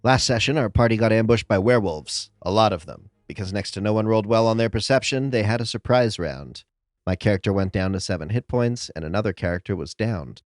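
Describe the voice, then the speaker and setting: A man hosting and reading out funny game stories as scripted narration, with lively comic timing and dramatic pauses. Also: on the low side, dry recording, clean studio sound. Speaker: host.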